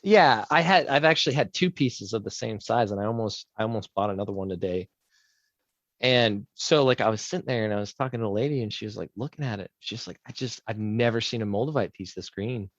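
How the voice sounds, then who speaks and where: A man with a lowish voice chats loosely on a podcast, telling rambling stories and slipping into other people's voices as he quotes them. The sound is dry and a bit dull, like a lo-fi recording. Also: a little fast, no echo. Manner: rambling storyteller, acts out quotes. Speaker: podcast co-host. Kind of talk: casual chat.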